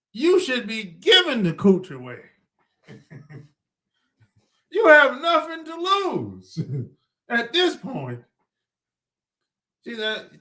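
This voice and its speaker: High-voiced blunt man chuckling. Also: sharp tone. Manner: blunt, laughs often between lines; slangy and rambling. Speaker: podcast host. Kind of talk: casual monologue.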